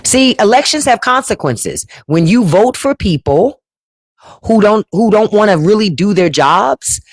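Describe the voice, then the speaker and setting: Brief: outspoken woman host, animated pitch, dry close sound, casual livestream talk. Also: measured pace, no echo. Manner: blunt, profane storyteller.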